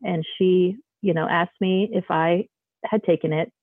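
A woman's voice: lowish voice, steady tone, measured pace, no echo. A woman calling in to tell a story in a rambling, casual way, full of fillers and restarts. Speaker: caller. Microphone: phone call. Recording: tinny dry phone line.

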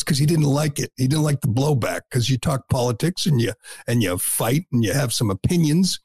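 A middle-aged man with a gravelly, husky voice delivers a talk-show monologue. He is blunt and combative, openly scornful as he lays out his opinions. His voice sounds dry and close, with no room around it. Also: medium pitch, expressive, brisk, a little mellow, no room sound.

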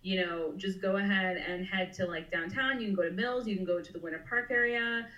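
A woman's voice: mid-range voice, steady tone, brisk, pushed and bright, echoey room, far from the mic, lo-fi sound. A woman co-hosting a podcast, chatting casually with constant "like" fillers. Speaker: podcast co-host.

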